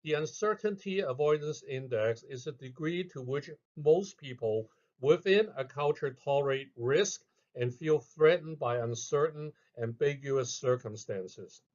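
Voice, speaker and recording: A man narrating a scripted lesson in a measured way, reading out each heading with emphasis. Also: fairly high pitch, a little mellow, dull audio. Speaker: instructor.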